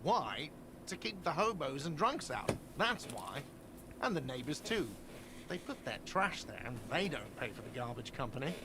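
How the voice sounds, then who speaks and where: A man's voice: mid-range voice, very animated, moderate pace. A man voicing a curt, defensive bar manager in a video game. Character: grumpy, tight-fisted male hostel manager. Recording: game audio with noisy ambience.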